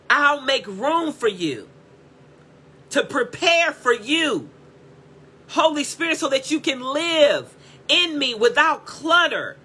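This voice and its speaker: A woman's voice: on the high side, bright, forceful tone, breathy edge. A woman preaching an impassioned sermon as a prophetic teacher, blunt and repetitive, breaking into cries of praise. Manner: blunt, scolding and direct.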